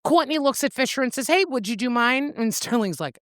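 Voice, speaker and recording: Her voice is high and fairly quick, recorded at studio quality with no room sound. Co-hosting a relaxed book podcast, she tells the plot with lively energy, performing characters' lines and laughing frequently.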